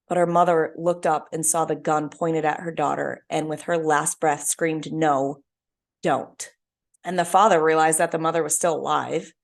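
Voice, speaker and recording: A woman's voice: low voice, vocal fry. A young woman hosting her own podcast, telling a story in an earnest, heartfelt solo talk. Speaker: podcast host.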